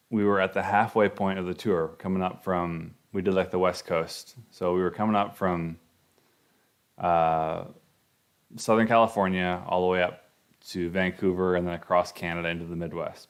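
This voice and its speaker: A man with a very low, deep voice tells a story on his radio show. He talks casually and rambles, with plenty of ums and restarts. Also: clear, resonant tone. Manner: rambling, conversational, many fillers.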